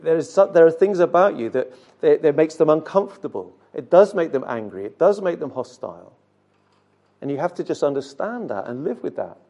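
A man delivering a sermon in an earnest, direct way, often asking his listeners questions. His voice sits a little high for a man but sounds mellow and warm. Now and then he trips over a word and repeats it. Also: lively intonation, brisk, muffled recording. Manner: earnest, direct address to congregation with rhetorical questions; occasional stumbles and repeated words. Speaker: preacher.

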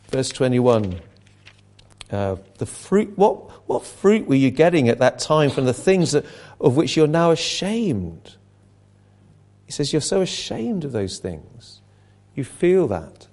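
A middle-aged man preaching a sermon earnestly, often restarting phrases and dropping to a hush. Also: mid-range voice, big pitch swings, slow pace.

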